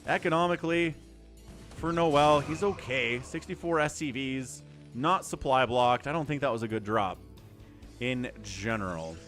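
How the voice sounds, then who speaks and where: A man commentating a strategy game live on his stream, chatty and excitable, thanking viewers between plays. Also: mid-range voice, a little slow, faint music behind. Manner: animated, chatty, thanks viewers mid-play.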